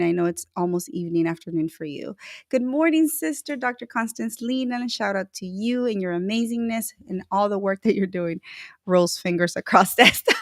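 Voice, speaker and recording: A woman hosting a casual livestream, giving bubbly, effusive shout-outs to viewers. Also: mid-range voice, no room sound, clean studio sound. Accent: Latina-flavored American English. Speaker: livestream host.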